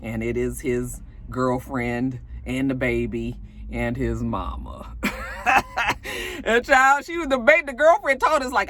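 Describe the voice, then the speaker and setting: A woman casually recapping a TV episode in an animated, profane, joking manner. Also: extremely low pitch, takes it slowly, slight background noise. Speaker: TV show reviewer.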